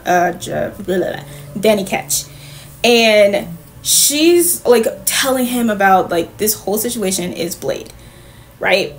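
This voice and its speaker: A woman recapping comic books for viewers in a casual, chatty way, full of "like" fillers and offhand swearing, talking straight to her audience. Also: mid-range voice. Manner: addresses viewers directly. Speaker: comic book reviewer.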